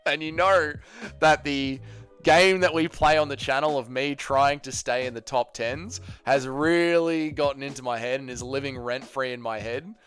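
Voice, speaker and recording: Man, livestream host, crude jokey banter with chat, mid-pitched voice, faint music underneath. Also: steady tone, moderate pace, fairly bright tone, smooth. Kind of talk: casual livestream chat reading viewer comments.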